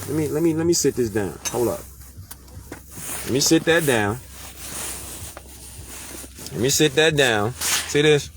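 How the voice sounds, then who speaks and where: Animated, preachy man with slang. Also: on the high side, a little hiss or hum. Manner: emphatic, rhetorical questioning, slangy and profane. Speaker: online commentator. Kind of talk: casual monologue.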